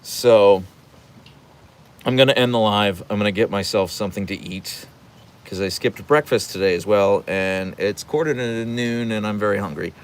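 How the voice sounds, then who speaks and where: A man's voice: lowish voice, normal speed, smooth. A man hosting a casual livestream from home, reading out the chat and rambling playfully, slipping into voices when he retells stories.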